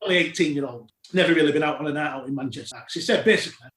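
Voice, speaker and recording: Lively man spinning yarns. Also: on the high side, racing. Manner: animated anecdotes, laughs while telling. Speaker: podcast guest. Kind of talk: casual storytelling. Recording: roomy echo.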